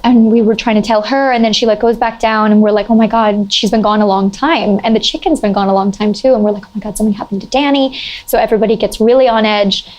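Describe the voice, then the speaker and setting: A young adult woman telling a casual anecdote in an animated way, full of "like" fillers and sudden high-pitched exclamations. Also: quick pace. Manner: animated, heavy use of "like" fillers.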